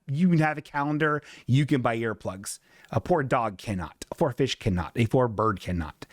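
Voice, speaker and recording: A man hosts a live comedy stream in a loose, rambling way, swearing and laughing as he goes. His voice sits in a middle pitch and is recorded close and dry, with no room sound around it. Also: darkish tone, no room sound. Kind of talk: rambling casual chat.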